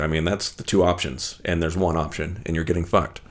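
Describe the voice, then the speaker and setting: A man with a very low, deep voice talks loosely on a podcast. He rambles and swears, and keeps slipping into quick impressions of the people he describes. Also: fairly even intonation. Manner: crude, rambling, acts out quotes in character. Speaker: podcast co-host. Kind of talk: casual chat.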